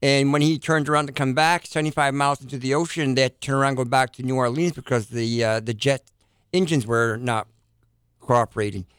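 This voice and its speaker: A man's voice: mid-range voice, steady tone, fairly quick, fairly bright tone, clean tone, dry recording. A man chats on a casual studio talk show, rambling on and stumbling over his words with plenty of fillers. His voice is picked up close and dry. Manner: rambling, hesitant, many fillers.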